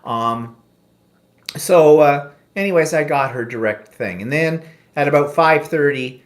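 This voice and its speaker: A man's voice: on the high side, measured pace. A man co-hosting a casual talk show, telling an anecdote with sarcasm and bits of mimicked voices. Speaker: podcast co-host. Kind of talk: casual storytelling.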